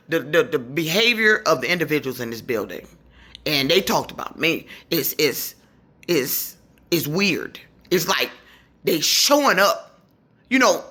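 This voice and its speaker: A woman's voice: sits low, bright, forceful tone. A woman telling a long, rambling, profane story about her grievances in a casual vlog from her apartment. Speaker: vlogger.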